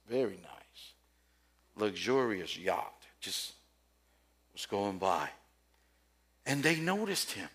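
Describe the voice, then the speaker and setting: A man preaching a sermon with passion, swinging between quiet storytelling and loud, rising questions to his listeners. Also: medium pitch, husky.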